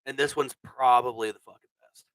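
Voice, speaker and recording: A man hosts a casual podcast, telling crude stories with lively energy and plenty of swearing. His voice sounds bright and forward. The sound is close and dry. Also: medium pitch, fairly quick, no echo, poor audio. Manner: crude, animated storyteller who swears a lot. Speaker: podcast host. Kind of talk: casual storytelling chat.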